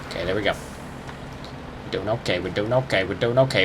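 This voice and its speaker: A young man talks casually while playing a game, his medium-pitched voice at normal speed over some background noise. He rambles and sounds unsure, swearing now and then and humming little sound effects.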